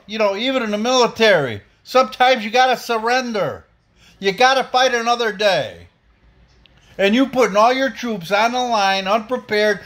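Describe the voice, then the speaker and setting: A man's voice: high-pitched, fairly bright tone. A man delivering a blunt, profane, heated opinion rant as a podcast host.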